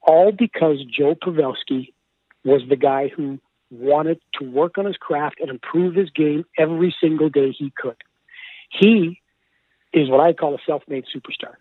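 A man recounts stories from the broadcast booth with excitable energy, laughing and repeating words as he goes. His voice sits on the higher side. The sound is thin and phone-like, with no room around it. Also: a little slow, no room sound. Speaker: hockey broadcaster. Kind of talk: animated storytelling. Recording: tinny phone-like line, dry.

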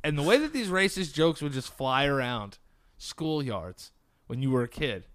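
A man's voice: mid-range voice, very animated, normal speed, a bit bright, no room sound, studio quality. A man co-hosting a podcast, telling jokes in a rambling way and laughing at them. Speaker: podcast co-host. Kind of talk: casual chat, telling jokes.

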